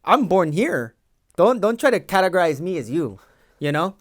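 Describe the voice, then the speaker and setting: A man's voice: high voice, big pitch swings, normal speed. A man playing a boastful young immigration agent. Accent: Los Angeles valley. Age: 20s. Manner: defensive, rambling, slangy. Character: young male Mexican-American immigration agent, defensive and boastful. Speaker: podcast co-host. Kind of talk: improvised comedy sketch.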